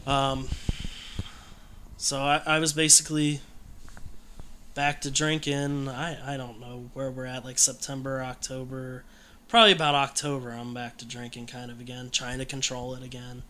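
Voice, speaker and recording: A man's voice: medium pitch, level tone, moderate pace, pushed and bright, a little hiss or hum. A man telling his own story in casual conversation, candid and rambling, with many fillers and restarts.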